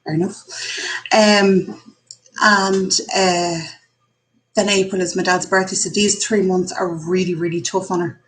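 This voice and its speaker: A woman's voice: lowish voice, little pitch movement, unhurried, fairly bright tone, poor audio. An Irish woman in her forties hosting a casual live stream from her kitchen, candid and chatty as she thinks aloud. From Ireland. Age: 40s. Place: home kitchen. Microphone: computer mic.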